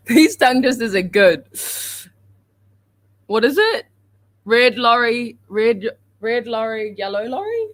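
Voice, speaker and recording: A woman's voice: fairly high pitch, sing-song. A woman co-hosting a casual morning livestream, playful and laughing easily as she stumbles through tongue twisters. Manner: giggly, playful, reads tongue twisters slowly. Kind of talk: casual chat.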